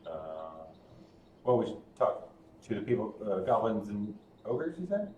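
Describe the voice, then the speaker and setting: A man playing a tabletop game, joking and trailing off into a low mumble. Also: big pitch swings, unhurried, dark tone, lo-fi sound. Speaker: player. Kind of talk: casual tabletop game chat. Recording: echoey room, faint hum.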